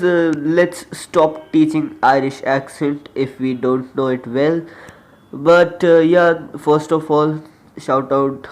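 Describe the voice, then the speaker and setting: A man's voice: a little high, a little mellow. A young man with an Indian accent and a slight cold, rambling chattily through a casual wrestling review vlog as its host. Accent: Indian English. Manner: chatty and rambling, often trailing off.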